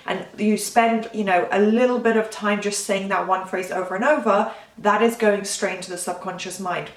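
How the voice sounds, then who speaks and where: A woman's voice: medium pitch, moderate pace, reverberant, distant mic. A woman manifestation coach giving casual talking-head advice in a rambling, chatty way, often stopping to correct herself.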